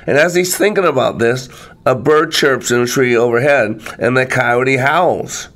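A man narrating a folktale in an animated, dramatic storytelling manner. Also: medium pitch, a little slow.

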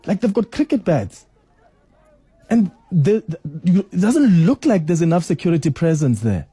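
Animated South African radio host, man. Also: sits high, normal speed, slightly rough, no echo. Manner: animated, exclaims often. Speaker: radio talk show host. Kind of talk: casual talk radio.

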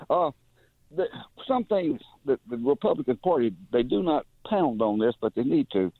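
Male call-in guest, gravelly voice, halting delivery, heard over a tinny phone line. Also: a little high, very animated, no echo. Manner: hesitant, many fillers and restarts. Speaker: caller. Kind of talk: call-in radio talk.

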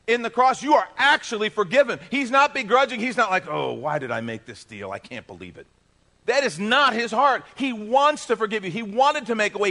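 Middle-aged guy pastor preaching, bright voice a bit high, goes loud then real soft. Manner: emphatic preaching, swinging between loud and soft. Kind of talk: sermon.

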